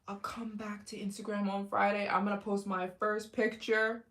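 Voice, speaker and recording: A woman's voice: mid-range voice, monotone, moderate pace, fairly bright tone. Young woman chatting on her livestream, rambly, lots of ums and restarts. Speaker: livestream host. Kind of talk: casual livestream chat.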